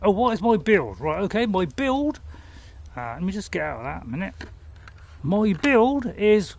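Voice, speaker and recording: Man, playful game commentary, rambling with fillers, gravelly voice, bouncy pitch. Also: sing-song, measured pace, a little mellow. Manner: chatty and playful, rambling with fillers and self-mocking laughs. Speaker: game streamer. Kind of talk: casual gameplay commentary.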